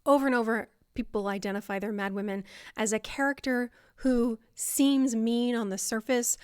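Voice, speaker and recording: A woman talks to camera in a chatty, explanatory way, with plenty of fillers and asides. Her voice sits a bit high, and the recording is close and dry, with no room sound. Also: a little mellow, clean tone, dry recording. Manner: conversational, lots of fillers, acts out voices. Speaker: video host explaining self-compassion. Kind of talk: casual explanatory talk to camera.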